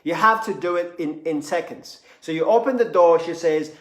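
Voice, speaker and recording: A man's voice: sits high, animated, a little fast, few pauses, echoey room. A man giving a motivational talk, repeating phrases for emphasis and acting out quoted speech. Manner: repetitive, emphatic, acts out quoted voices. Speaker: motivational speaker.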